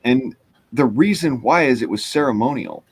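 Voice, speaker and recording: A man talks on a podcast in a calm, steady way, explaining things at length. When he disagrees, he corrects the others firmly. His voice sits at an ordinary middle pitch. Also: normal speed, slightly rough. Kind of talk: casual chat.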